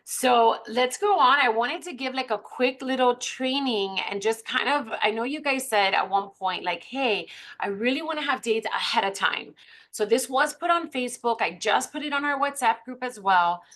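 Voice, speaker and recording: A woman's voice: fairly high pitch, lively intonation, normal speed, fairly bright tone. A woman leading her sales team in a casual training chat, upbeat and chatty with many fillers. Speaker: team leader of beauty consultants.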